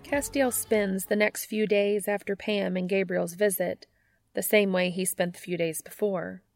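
A woman reading fan fiction aloud in a steady, unhurried audiobook narration. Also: medium pitch, gravelly, faint music behind.

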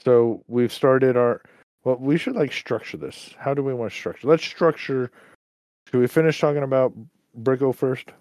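A man's voice: medium pitch, moderate pace, darkish tone, dry recording. A man co-hosting a casual gaming podcast, talking in an easygoing, teasing and reassuring way. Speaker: podcast co-host. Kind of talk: casual chat.

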